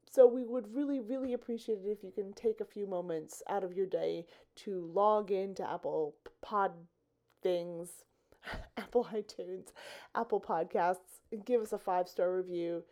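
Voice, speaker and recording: Woman, hoarse from a cold, podcast host, mellow tone, rambling, chatty. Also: medium pitch. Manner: rambling, chatty, with small laughs. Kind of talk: casual podcast intro.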